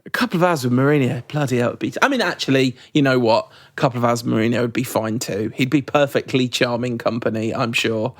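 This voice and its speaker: A man's voice: mid-range voice, dry recording, studio quality. A man co-hosting a podcast, rambling and joking in casual chat with a laugh never far off. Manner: rambling, self-deprecating, quick to laugh. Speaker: podcast co-host.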